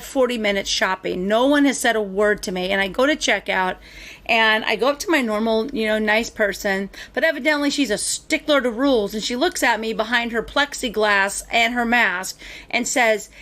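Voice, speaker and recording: High-voiced woman telling stories emphatically. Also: moderate pace. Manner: animated, emphatic storytelling. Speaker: podcast host. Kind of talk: casual chat.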